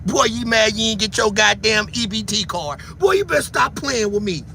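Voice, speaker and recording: A man rants at full volume on a livestream, shouting and taunting in a very high, gravelly voice. His pitch swings wildly from line to line, and a faint hiss of noise sits behind him. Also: expressive, normal speed. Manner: loud, shouting, taunting, catchphrase-heavy. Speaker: livestream commentator. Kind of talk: heated livestream commentary.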